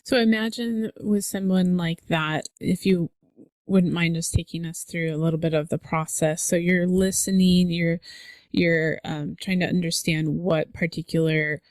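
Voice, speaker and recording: A woman hosting a podcast, with a fairly low voice, asking her guest questions in an attentive way. She is recorded dry on a close mic. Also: fairly even intonation, a little slow, a little mellow, dry recording. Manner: attentive, backchannels often. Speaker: podcast host. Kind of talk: podcast interview.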